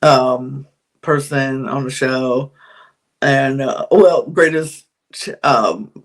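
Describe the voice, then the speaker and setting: A woman's voice: a bass voice, very slow. A woman hosting a podcast, giving a candid, chatty recap of a reality show, with frequent sighs and laughs. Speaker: podcast host.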